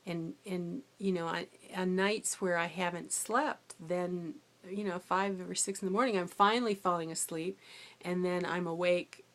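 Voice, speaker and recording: A woman's voice: on the low side, unhurried. Chatty tired woman telling a story. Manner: chatty, rambling, animated when quoting herself. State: tired from no sleep. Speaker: substitute teacher. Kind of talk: casual storytelling vlog.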